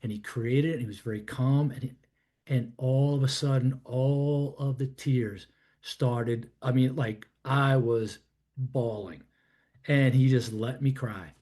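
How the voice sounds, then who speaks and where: A man's voice: mid-range voice, takes it slowly, mellow. Rambling, reflective man in his fifties. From New York, USA. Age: 50s. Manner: rambling and reflective, full of "you know" and "I'm like". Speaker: podcast guest. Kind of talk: candid personal storytelling in conversation.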